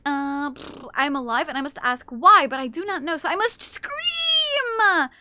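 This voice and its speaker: A woman voicing her pet cat as a melodramatic female cat who protests slowly and theatrically that she must scream. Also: high-pitched, expressive, very noisy. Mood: indignant wailing.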